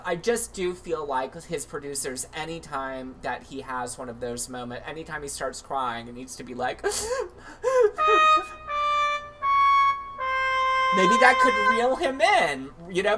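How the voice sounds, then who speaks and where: A man hosting a livestream, chatting in a campy, comedic way with lots of asides. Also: a little high. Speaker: livestream host. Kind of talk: casual comedic commentary.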